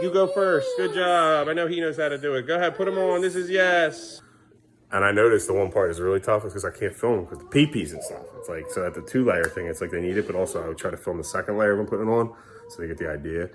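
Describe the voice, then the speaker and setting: A man filming a casual home vlog in a bathroom, coaxing his toddlers along and dropping quieter asides to the camera. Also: medium pitch, fast, crowd noise. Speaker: parent vlogger.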